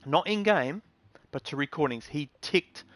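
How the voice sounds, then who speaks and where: A man's voice: fairly high pitch, expressive, unhurried, a bit bright, no room sound. A man hosting a casual gaming vlog, ranting in a rambling, aggrieved way with lots of ums and restarts. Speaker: gaming channel host.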